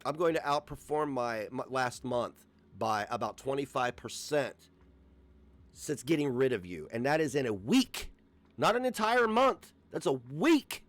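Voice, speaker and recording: A man on a livestream who rants with plenty of profanity and biting sarcasm. His pitch swings widely as he picks apart his critics, and he sounds combative throughout. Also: animated, unhurried. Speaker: livestream host. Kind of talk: angry ranting livestream.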